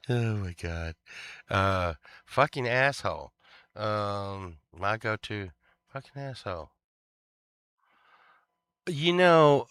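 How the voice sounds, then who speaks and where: A man's voice: low-pitched, bright, forceful tone, clear, resonant tone, no echo. A man chatting casually on a vlog, rambling with many fillers and restarts and laughing at his own stories. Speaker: vlogger.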